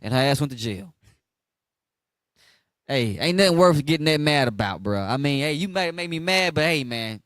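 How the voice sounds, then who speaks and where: A man's voice: a little high, expressive, moderate pace, fairly bright tone, no room sound. A man preaching a street sermon, blunt and slangy, asking listeners to finish the verses.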